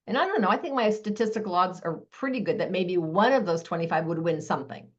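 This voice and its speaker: A woman giving a live online sales training, talking fast with a lot of energy over a video call. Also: on the low side, lively intonation, muffled recording.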